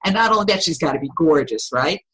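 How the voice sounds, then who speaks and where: Husky, lively woman voice coach. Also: sits low, fast, low-quality recording. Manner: animated, instructive storytelling. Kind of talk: podcast interview.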